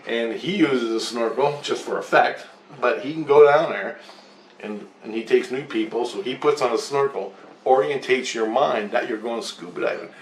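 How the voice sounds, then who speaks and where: A man's voice: medium pitch, moderate pace, far from the mic, slight background noise. A man telling a long rambling story in casual chat, swearing often and acting out both sides of the talk. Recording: roomy echo.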